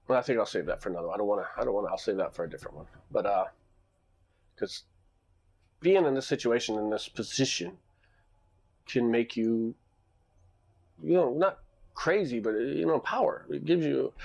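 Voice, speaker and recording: A man's voice: mid-range voice, gravelly. A man who runs a nightclub, telling stories from work in a rambling, casual way, with restarts and long asides. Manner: animated when reenacting arguments. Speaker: nightclub owner. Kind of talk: casual storytelling vlog.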